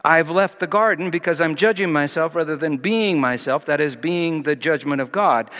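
A man preaching a sermon, swinging from quiet musing to loud, emphatic scripture reading. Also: a little high, normal speed, hardly any pauses. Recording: long hall reverb.

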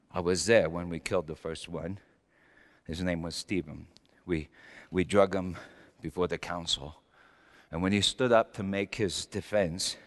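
A man playing a fiery, repentant Paul in a dramatic sermon monologue, stammering and repeating words as he drops to low murmurs and rises to shouts. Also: in a large hall. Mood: grave. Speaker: church speaker in character.

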